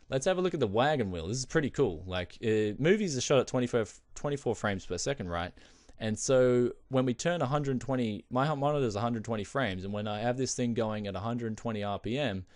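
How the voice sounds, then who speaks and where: A young man talks straight to camera in a loose, chatty tech vlog, calling his viewers "guys" and wandering into animated asides. His voice sits on the low side, and it sounds dry and close, with no room in it. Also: no echo. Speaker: tech video host. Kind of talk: casual explanatory vlog.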